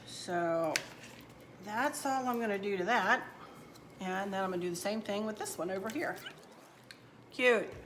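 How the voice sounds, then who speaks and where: Chatty woman with a bright voice. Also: mid-range voice, expressive, measured pace, long pauses, slight background noise. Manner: chatty, homey, addresses viewers as y'all. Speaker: home decor channel host. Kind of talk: casual crafting demonstration. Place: at home, indoors.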